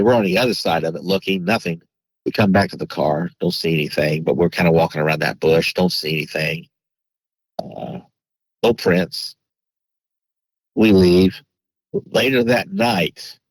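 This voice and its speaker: Low husky man telling a story. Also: no room sound, rough recording. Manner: rambling, many restarts and fillers. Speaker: podcast guest. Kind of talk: casual storytelling.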